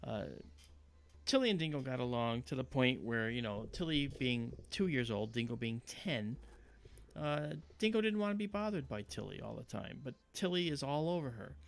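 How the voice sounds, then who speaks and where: A man hosting a livestream, talking casually and telling animated stories with quoted voices. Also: medium pitch, normal speed, creaky. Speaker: livestream host.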